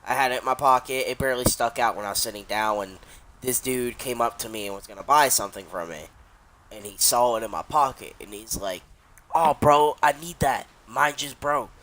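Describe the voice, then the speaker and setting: A man's voice: fairly low pitch, fairly quick, bright, forceful tone. A young adult man casually telling a long story while he streams a game, rambling and swearing, with many restarts.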